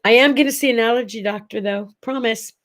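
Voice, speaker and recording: A woman's voice: a little high, a little fast. A middle-aged woman hosting a casual morning chat show, talking straight to the camera in a gushing, rambling way full of asides. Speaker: host.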